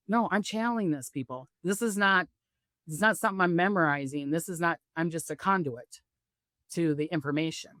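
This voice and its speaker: A woman's voice: low voice, fairly quick, a bit bright, no room sound, studio quality. A middle-aged woman, a psychic, talking casually in an interview and acting out the voices of people she quotes. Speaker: psychic medium guest. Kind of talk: casual spiritual interview talk.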